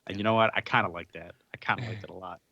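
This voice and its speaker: A man's voice: low voice, steady tone, rapid-fire, bright, forceful tone, no room sound, muffled recording. A man hosting a podcast, recapping a comic in a casual, joking way and laughing often. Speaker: podcast host.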